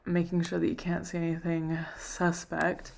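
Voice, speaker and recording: A woman's voice: fairly low pitch, monotone, normal speed, vocal fry. A young woman chatting on a live stream, rambling and self-conscious, out of breath from running. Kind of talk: casual live stream chat.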